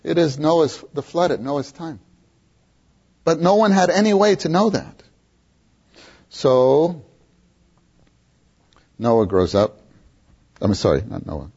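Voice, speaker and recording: Slow husky preacher. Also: male voice, on the high side, big pitch swings, darkish tone, dull audio. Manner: questions the audience, emphatic repetition. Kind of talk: sermon.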